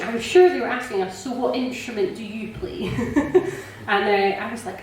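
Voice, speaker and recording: A woman tells her church testimony in a chatty, animated way, laughing as she goes and filling pauses with ums. Her voice sits at a middle pitch. It comes from some distance off the mic and carries a strong echo through the church, with a faint hiss underneath. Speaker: church member sharing a testimony.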